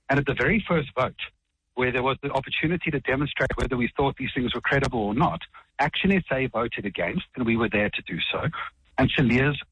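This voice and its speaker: A man's voice: medium pitch, fairly bright tone, breathy edge, no echo, muffled recording. A South African man making assertive, point-by-point rebuttals in a broadcast political debate. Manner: assertive, rapid rebuttals, quotes rules. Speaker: political party spokesman.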